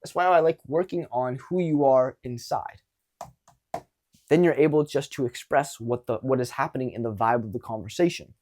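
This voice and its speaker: A young man coaching viewers on dating in a casual monologue, animated and blunt, with casual swearing. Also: medium pitch, normal speed.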